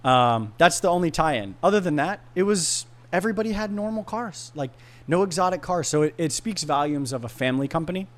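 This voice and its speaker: A male podcast guest makes casual conversation, telling lively stories and putting on voices for the people he quotes. His voice is a little high, and he speaks a little fast.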